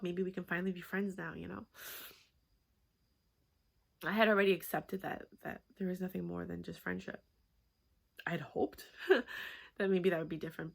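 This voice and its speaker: A woman's voice: lowish voice, gravelly. A woman in her thirties telling a personal story in a candid, rambling vlog, full of fillers and swearing. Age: 30s. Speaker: vlogger.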